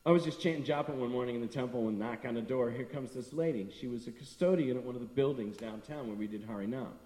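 A man's voice: medium pitch, fast, mellow. A middle-aged man giving a devotional talk, telling stories and acting out the people he met. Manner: storytelling, acting out quoted people. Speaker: temple speaker. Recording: echoey hall from a distance.

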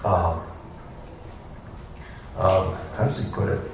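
A man's voice: deep voice, steady tone, takes it slowly. A man giving an informal scripture class, full of rhetorical questions and playful asides, recorded from a distance in an echoey room. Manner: folksy, rhetorical questions, acts out quotes. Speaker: spiritual teacher giving a class. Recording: echoey room, distant mic, faint noise.

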